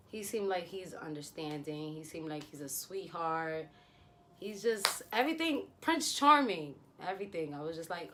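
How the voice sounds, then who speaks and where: Young female vlogger, casual animated storyteller; light background noise. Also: fairly low pitch, unhurried. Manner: chatty, animated retelling with acted-out quotes. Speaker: beauty vlogger. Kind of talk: storytime vlog.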